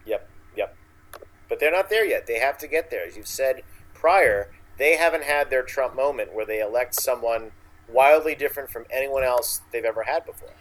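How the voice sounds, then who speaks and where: A man's voice: mid-range voice, animated, moderate pace, poor audio. A man co-hosting a casual political chat, blunt and casually swearing, with plenty of hesitant fillers.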